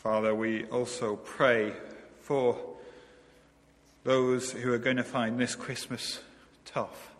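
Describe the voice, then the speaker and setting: Male minister, slow and gentle intercession prayer, reverberant church hall. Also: mid-range voice, little pitch movement. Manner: slow, gentle, repeating "Lord".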